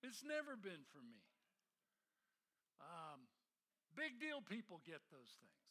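A middle-aged man preaching, his voice fairly high and bright. He tells stories with lively energy, acting out the voices of the people in them and laughing at his own misadventures. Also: takes it slowly. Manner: animated storyteller, acts out voices, laughs at himself. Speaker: pastor. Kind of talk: sermon with personal storytelling.

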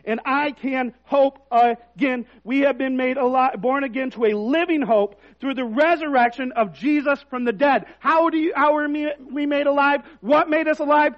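A man's voice: very high-pitched, moderate pace, lo-fi sound. A man preaching a sermon in a conversational, self-deprecating way that rises to emphatic points. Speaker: pastor.

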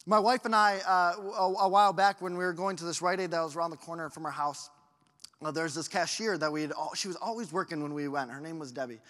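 A man's voice: on the high side, fast, fairly bright tone. A man pastor giving an earnest storytelling sermon, often repeating words as he goes. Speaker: family life pastor. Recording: echoey hall.

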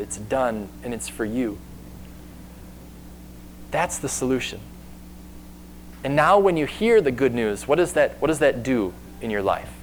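A man preaching a sermon in an earnest way, slowing down and getting louder to stress key words. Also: medium pitch, a little hiss or hum, poor audio. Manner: earnest, varies pace and loudness for emphasis.

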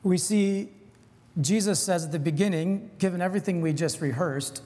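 A preacher with a warm, medium-pitched voice delivers an informal, earnest sermon at a moderate pace, often slipping in casual asides. The recording carries a long hall reverb.

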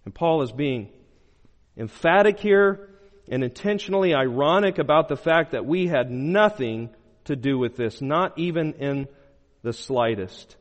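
A man preaching a sermon as pastor, moving between loud emphatic bursts and low, quiet phrases. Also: expressive, unhurried. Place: church sanctuary. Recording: long hall reverb.

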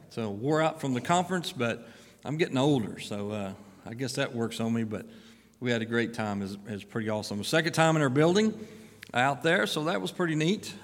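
A middle-aged man, a pastor giving church announcements and then a sermon in a folksy, filler-heavy way with lively rises of emphasis. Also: medium pitch. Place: church sanctuary. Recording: long church-hall reverb.

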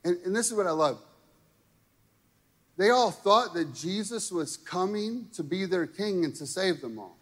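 A man with a slightly higher voice preaching a sermon to a congregation in a relaxed, talky way, again and again asking his listeners "right?" and "okay?". His voice rings with the long reverb of a large hall. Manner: conversational preaching with frequent rhetorical "right?" and "okay?". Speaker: pastor.

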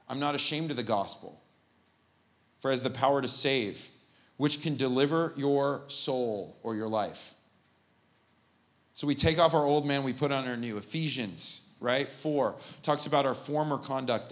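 Man preaching a lively sermon. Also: medium pitch. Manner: animated and informal, with asides and jokes. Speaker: pastor. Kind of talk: conversational sermon. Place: church service, live.

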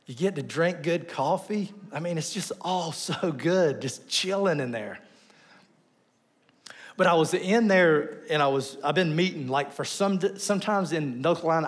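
A man preaching a sermon, telling stories with lively swings between loud bursts and soft asides. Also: a little high. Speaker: pastor.

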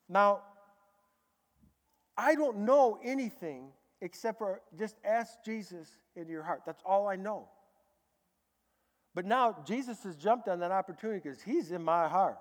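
A man preaching a sermon, telling his story in a lively way and acting out the dialogue. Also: high-pitched. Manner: animated, acts out dialogue in a lively way. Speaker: preacher giving a testimony. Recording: echoey large hall.

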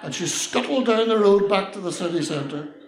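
Older Northern Irish storyteller, roomy sound. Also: male voice, high-pitched, normal speed, a little hiss or hum. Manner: lively, mischievous, acts out voices. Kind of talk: personal anecdote storytelling.

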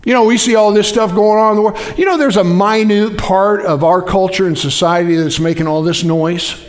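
A male pastor preaching with a strikingly high voice. He talks to his congregation casually, with lots of "you know" and "uh". Now and then he rises into loud, fervent shouts. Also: steady tone, brisk, few pauses. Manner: folksy preaching, many fillers, rising to shouts. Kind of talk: sermon.

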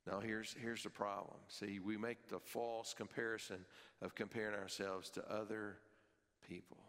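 With a fairly bright, level tone and normal speed, a male pastor delivers a sermon in a space with a long reverb tail. He repeats key phrases emphatically, his pitch and force climbing as he presses his point.

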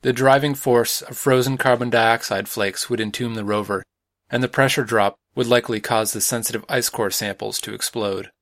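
A man narrating a science fiction audiobook in an even, measured way. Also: medium pitch, dry recording, studio quality.

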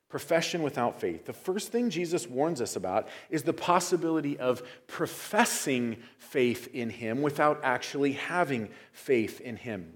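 A man, a pastor, preaching an expository sermon verse by verse, rising in intensity when he quotes scripture. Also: mid-range voice.

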